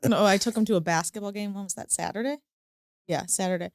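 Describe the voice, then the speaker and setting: A woman guest on a casual podcast, telling quick anecdotes about her child. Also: medium pitch, dry recording, studio quality. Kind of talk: casual chat.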